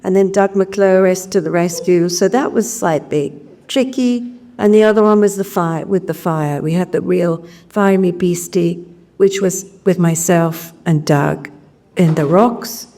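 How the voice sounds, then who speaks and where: Woman, actress guest, convention Q&A, warm mellow tone, lively anecdotes. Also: on the low side, unhurried. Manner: lively storytelling, piling up descriptive words. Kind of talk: recounting film-set anecdotes to a live audience.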